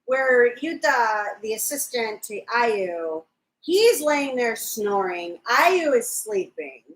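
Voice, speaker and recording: A woman's voice: on the high side, very animated, slow pace, a bit bright, echoey room, low-quality recording. A woman co-hosting a casual fan discussion livestream, chatty and recapping scenes with quoted lines. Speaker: podcast co-host.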